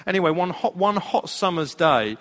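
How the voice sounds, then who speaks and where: A man preaching as a pastor, telling a personal story in an animated way. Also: high-pitched, moderate pace. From Britain. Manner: storytelling, animated, laughing at his own anecdote. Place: church hall. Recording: long hall reverb.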